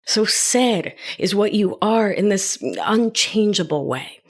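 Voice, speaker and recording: Argentine-born woman hosting a podcast, spanish is her first language, calm and unhurried, slips into whispers here and there. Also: medium pitch. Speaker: podcast host and life coach. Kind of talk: reflective wellness podcast monologue.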